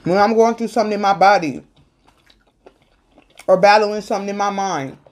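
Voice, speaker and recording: A woman host speaking earnestly about faith and perseverance in a casual chat, talking like a sermon and protesting loudly when teased. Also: medium pitch, normal speed. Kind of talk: casual faith talk on an eating show.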